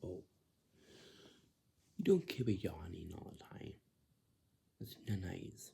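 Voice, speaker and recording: Man, gravelly creaky voice, dark tone, repetitive lecturing monologue, frequent "right?". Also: sits low, sing-song, slow, long pauses. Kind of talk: casual monologue.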